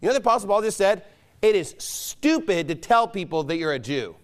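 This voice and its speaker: A man preaching a sermon as pastor, emphatic and mocking, pressing his points with loud insistence. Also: high-pitched, very animated, brisk. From United States.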